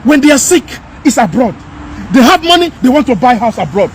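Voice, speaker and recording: A man with a strikingly high-pitched voice, ranting in an emphatic, scolding way and hammering the same phrases again and again. He is recorded outdoors, with a faint hum of street traffic behind him. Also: sing-song, a little fast. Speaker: commentator. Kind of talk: impassioned rant.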